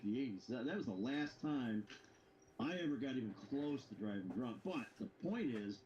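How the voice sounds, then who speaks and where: A man's voice: a little high, darkish tone, lo-fi sound. A man in casual chat, telling a story with animation and chuckling as he goes. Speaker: co-host.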